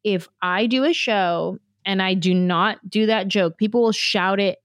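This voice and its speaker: A woman comedian from San Jose tells stories in a quick, animated way, with her pitch sitting in the middle of the range. The recording is very dry and close, with no room sound. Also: dry recording. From San Jose, California, US. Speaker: comedian guest. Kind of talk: casual interview storytelling.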